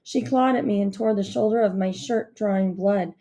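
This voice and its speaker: A woman reading a novel aloud as narrator in a steady storytelling manner. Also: medium pitch, normal speed. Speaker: audiobook narrator. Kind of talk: scripted narration.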